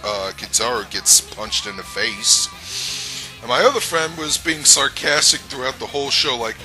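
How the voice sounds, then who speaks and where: A man's voice: mid-range voice, measured pace, sharp tone, faint music behind, rough recording. A man giving a casual review rant, rambling, blunt and profane, with frequent restarts. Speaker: anime reviewer.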